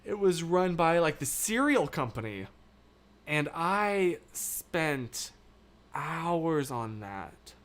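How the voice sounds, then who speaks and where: Chatty young American man, slightly high voice. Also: sing-song, drawn-out words, fairly bright tone. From United States. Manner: rambling and chatty, many fillers, laughs often. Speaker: livestream host. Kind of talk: casual live-stream chat, reading viewer comments.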